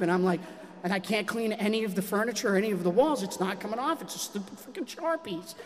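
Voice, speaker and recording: A man doing stand-up storytelling, animated and acting out his own shouts. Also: high voice, brisk, in a large hall. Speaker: comedian telling a story.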